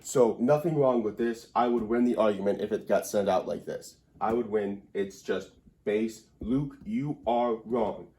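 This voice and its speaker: A man's voice: on the low side, moderate pace, mellow. A man giving a comedic grammar lesson at a whiteboard indoors, rambling and wry in a mock-serious way.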